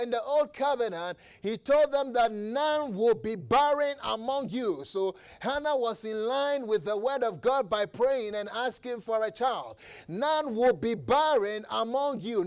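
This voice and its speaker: A male preacher giving an impassioned sermon, retelling a story with lots of repetition. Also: very high voice.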